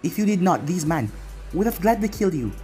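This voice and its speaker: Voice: mid-range voice, sing-song, fairly quick, mellow, soft background music, close to an everyday voice. A reader voicing a protective ninja mother who speaks earnestly and firmly to her son.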